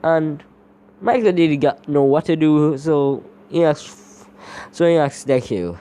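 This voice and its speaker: A man's voice: on the high side, animated, slow pace, dark tone, a little hiss or hum. Man rambling through a fan story. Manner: rambling, leans heavily on "basically". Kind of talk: casual fan-story narration.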